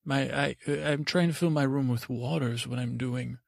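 A dim, dreamy young prince, voiced by a man, drifts through a silly bedtime tale, halting and losing his way mid-sentence. His voice is heavily gravelly and sits at an ordinary middle pitch. The sound is close and dry, with no room around it. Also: darkish tone, no room sound, close to an everyday voice. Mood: dreamy rambling. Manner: meandering, halting, easily sidetracked storytelling. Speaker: podcast host. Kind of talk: improvised comic bedtime story.

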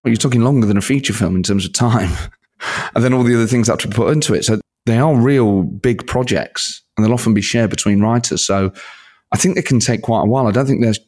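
A male comedian and impressionist chatting in an interview, excitable and self-deprecating, laughing often. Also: mid-range voice, quick pace. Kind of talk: casual interview chat.

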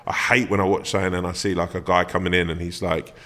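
Guy, lowish voice, cracking up telling stories and swearing a lot, chatty comedian. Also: flat delivery, quick pace, fairly bright tone, in a large hall. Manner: swears freely, laughs through his stories. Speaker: comedian and actor, podcast guest. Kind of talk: casual chat, telling anecdotes.

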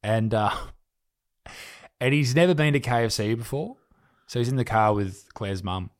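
A man's voice: medium pitch, measured pace. Laid-back Australian man telling stories. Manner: relaxed storyteller, swears casually. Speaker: podcast host. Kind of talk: casual chat.

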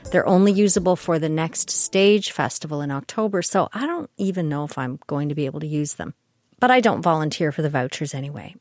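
An older woman, a grandmother, telling personal stories in a chatty, candid and reflective monologue. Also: on the low side. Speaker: podcast host.

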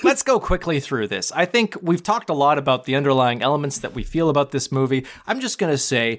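A man co-hosting a podcast, recapping a movie plot in a sarcastic, swearing way and acting out the characters' lines. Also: medium pitch. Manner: sarcastic, swears, acts out quotes while retelling the plot. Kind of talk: casual chat. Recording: remote call.

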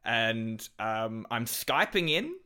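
A man's voice: medium pitch, sing-song, slow, bright, forceful tone, smooth. A man, a comedian guest, doing a chirpy, breezy, ironic comic bit as his past self.

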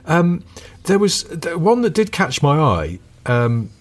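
A man co-hosting a podcast, chatting casually and quick to laugh. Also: a little high, very animated. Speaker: podcast co-host. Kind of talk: casual chat.

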